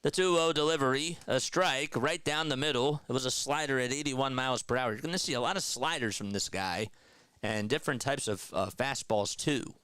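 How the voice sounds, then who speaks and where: A man doing live baseball play-by-play for a stream, trading energetic banter with viewers between pitches. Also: brisk, smooth, dry recording.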